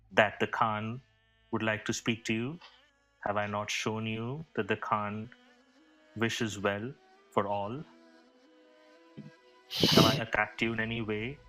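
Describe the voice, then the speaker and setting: Solemn desert envoy, played by a man, formal, bright-toned, lowish pitch, tabletop game.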